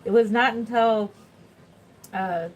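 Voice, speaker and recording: A woman's voice: on the high side, takes it slowly, slight background noise, rough recording. Chatty middle-aged woman on a livestream. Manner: chatty, rambling, laughs often. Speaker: reborn doll artist. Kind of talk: casual livestream chat.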